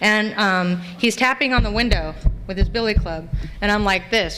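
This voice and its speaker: A middle-aged woman from Los Angeles telling her personal story to a live meeting, candid and self-mocking, acting out past scenes in high voices. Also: expressive, moderate pace, noisy background. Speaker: recovery meeting speaker. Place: meeting hall.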